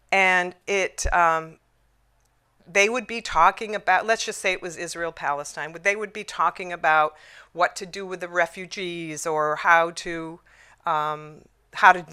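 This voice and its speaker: A middle-aged woman speaks at a conference in a bright, clear voice that sits a little low for a woman. She tells her story reflectively and thinks aloud, pausing and restarting as she goes. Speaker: conflict resolution speaker. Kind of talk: conference talk.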